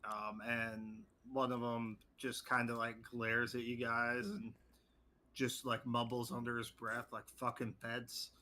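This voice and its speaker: Bright-voiced man running a tabletop game. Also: medium pitch, completely flat delivery, measured pace. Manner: casual, swears freely. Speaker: game master.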